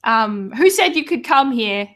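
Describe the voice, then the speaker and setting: A woman's voice: a little high, animated, unhurried, a bit bright. A woman voicing a hostile young red-haired man who sneers and acts officious.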